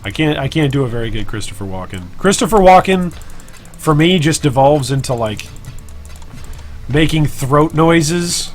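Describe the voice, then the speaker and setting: This gaming streamer and guild leader speaks in a mid-range, expressive voice at a fairly quick clip. He's hosting a relaxed live stream while trading, poking fun at himself and talking with viewers as soft music plays behind him.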